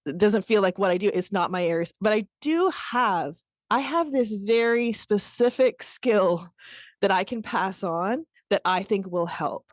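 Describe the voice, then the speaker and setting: A woman's voice: medium pitch, no room sound. A woman with a background in linguistics, speaking candidly and directly as an interview guest. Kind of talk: conversational interview.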